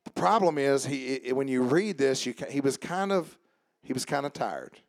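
Man, pastor, church sermon, preaching from quiet talk to shouting, dry close sound. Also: mid-range voice, animated, normal speed, no room sound. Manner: calls on church members by name.

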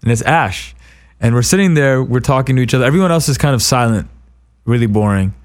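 Lively, laughing male podcast host. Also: mid-range voice. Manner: animated, laughs often, quick asides. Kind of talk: casual interview chat.

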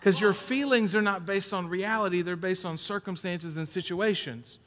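A man preaching a sermon, shifting between loud emphatic points and low conversational storytelling. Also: moderate pace. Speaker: pastor. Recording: long hall reverb.

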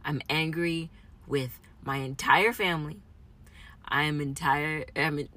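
A woman in a raw, emotional personal monologue, moving between quiet reflection and angry outbursts. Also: low voice, normal speed.

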